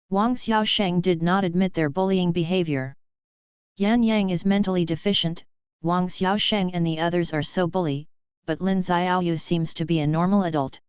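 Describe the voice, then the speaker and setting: Woman narrator, steady audiobook read, smooth lower voice, dry muffled recording. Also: normal speed, no echo.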